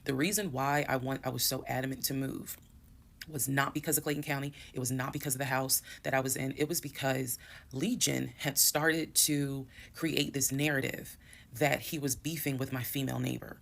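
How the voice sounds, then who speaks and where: A woman vlogger telling her own story to viewers in a casual, animated and emphatic way, swearing bluntly. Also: a bass voice, normal speed, vocal fry.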